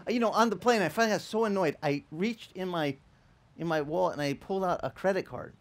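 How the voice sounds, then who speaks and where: Male pastor, sermon storytelling, high voice, acts out quotes, animated. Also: fast. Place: church in Hawaii.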